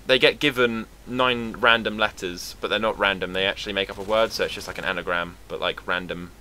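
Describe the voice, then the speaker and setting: A young British man from England talking to camera in a casual, rambling vlog, sarcastic and quick to swear. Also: on the low side, fairly even intonation, sharp tone, slight background noise. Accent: British English. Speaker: vlogger.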